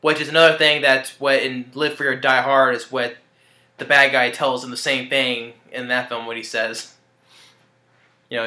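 His delivery is flat and moderately paced, with a mid-range voice that sounds pushed and bright. This movie reviewer rambles hesitantly through a film recap, frequently restarting and chuckling, in a recording with roomy echo.

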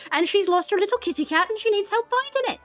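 Animated, giggly woman playing a tabletop game. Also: very high-pitched, fast talker, faint music behind. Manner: giggly, animated, goofy in-character asides. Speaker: player.

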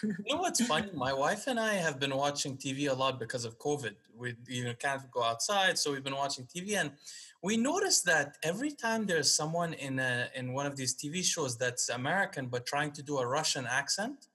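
A man's voice: on the high side, animated, a little fast, pushed and bright, husky. A man hosting a podcast, chatting casually and asking his guest questions. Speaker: podcast host. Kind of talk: casual interview chat.

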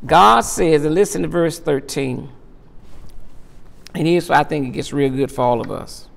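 A man's voice: fairly high pitch, moderate pace, gravelly. A middle-aged male pastor teaching a Bible study, emphatic, repeating his words and swelling into impassioned peaks. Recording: long reverb of a large hall.

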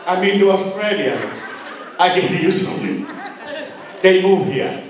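A middle-aged man from Tonga, an uncle giving a humorous storytelling speech at a birthday party, teasing and joking with sudden high swoops in pitch. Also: unhurried. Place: party hall. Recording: very echoey hall, distant mic.

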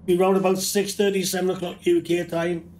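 A man with a Geordie accent hosting a casual game commentary, his voice croaky from flu, talking in a relaxed, rambling way with many ums. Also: sits high, brisk, a little hiss or hum. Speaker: gaming channel host.

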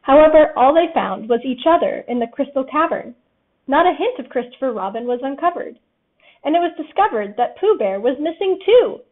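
A woman narrating a children's storybook with a lively, expressive reading, on tinny phone-like audio. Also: high voice, brisk. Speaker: storybook reader.

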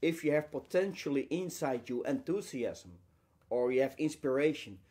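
A man giving an inspirational lecture, emphatic and full of rhetorical questions, speaking in short phrases with pauses and repeating key words. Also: medium pitch, lively intonation, mellow, slightly rough.

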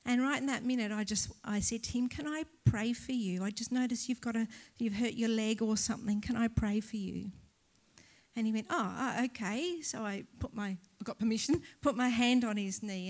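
A woman's voice: mid-range voice, a little mellow. A middle-aged Australian woman pastor telling a testimony story live in church, acting out the dialogue and laughing often.

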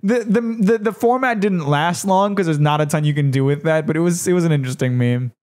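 A young man co-hosting a podcast, chatting casually and tossing in quick jokes. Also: a little high, darkish tone. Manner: joking, wisecracking. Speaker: podcast co-host. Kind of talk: casual chat.

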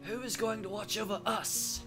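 A man's voice: high voice, fairly even intonation, normal speed, over music, voice pushed up, natural voice. A man voicing an old wise man in a vaguely Scottish accent, reading game dialogue aloud with a wavering, strained delivery. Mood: wistful. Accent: put-on Scottish.

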